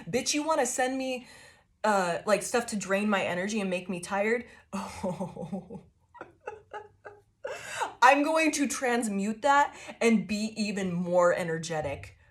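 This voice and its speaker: Profane, laughing woman tarot reader. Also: mid-range voice. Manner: profane, laughing, animated storytelling. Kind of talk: casual channeled tarot reading.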